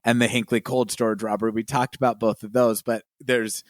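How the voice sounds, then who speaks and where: A man's voice: on the low side, fairly quick, no echo. Man chatting on a dry close mic. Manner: animated, laughs while retelling scenes. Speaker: podcast co-host. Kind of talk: casual film discussion.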